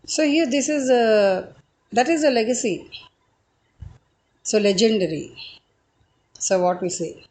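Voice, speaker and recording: A woman giving a reflective spoken talk, hesitant and pausing often on filler sounds. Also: fairly high pitch, darkish tone, rough recording. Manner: hesitant, with frequent filler pauses. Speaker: speaker giving a short talk.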